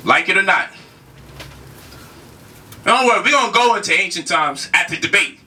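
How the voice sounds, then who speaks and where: A man's voice: high-pitched, lively intonation, normal speed, sharp tone, distant mic. A man giving a heated spoken lecture, emphatic, with repeated rhetorical questions and casual slang. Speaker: speaker challenging a debate opponent.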